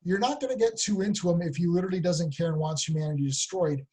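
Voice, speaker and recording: A man co-hosting a casual comic book chat, rambling excitedly and acting out quotes. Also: high-pitched, fast, husky. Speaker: podcast co-host.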